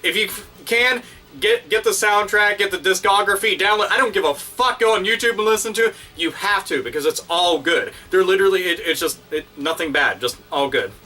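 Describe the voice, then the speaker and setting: A man hosting his own video, ranting casually and excitedly with constant swearing and crude exaggeration. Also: high-pitched, a little fast, recorded from a distance. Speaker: video host. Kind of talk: casual profane rant.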